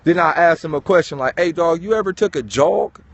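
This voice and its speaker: A man giving an animated, preachy motivational talk, swearing and calling listeners dog. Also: fairly high pitch, a little fast, vocal fry, no echo, lo-fi sound. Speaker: host.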